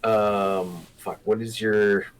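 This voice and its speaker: A man's voice: on the low side, level tone, slow, rough recording. A man running a tabletop horror game as game master, narrating in a wry way.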